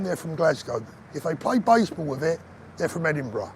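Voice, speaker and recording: A middle-aged man strolls through resort streets, talking into a phone on a pole for his live viewers. His voice sits a little high and he jokes and answers comments as he goes. Faint street noise hums behind him. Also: very animated, a little fast. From Britain. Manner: chatty and joking, reading out viewer comments. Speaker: livestream host. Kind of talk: casual live walking chat. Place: outdoors on resort streets, walking. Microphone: phone on a selfie pole.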